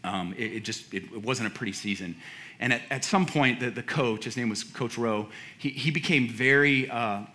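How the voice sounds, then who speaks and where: A man's voice: mid-range voice, normal speed, pushed and bright. A man in his forties, a pastor telling a personal story in a sermon, casual and chatty, laughing at himself and restarting his sentences.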